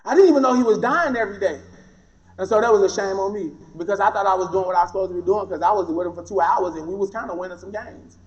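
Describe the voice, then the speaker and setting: A man's voice: sits high, fast. A man giving a personal testimony talk, telling his story with animation and acting out what others said. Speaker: guest speaker. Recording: dull lo-fi recording.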